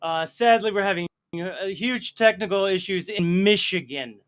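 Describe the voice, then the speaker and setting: Brief: bright, sharp-toned male host, joking through a video call. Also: sits high, normal speed. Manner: playful, self-mocking, laughs often. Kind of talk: casual banter on a livestream.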